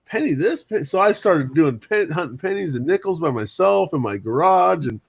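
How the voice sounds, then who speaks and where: Forties man, animated and lively, acts out others' lines mid-story; casual hangout chat. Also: fairly high pitch, moderate pace, gravelly, husky, no echo. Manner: animated storyteller who mimics others, laughs often.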